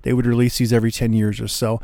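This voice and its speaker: A man's voice: medium pitch, level tone, fast talker, vocal fry, dark tone, dry recording, studio quality. A man hosting a radio music show, chatting casually and enthusiastically about the records he plays.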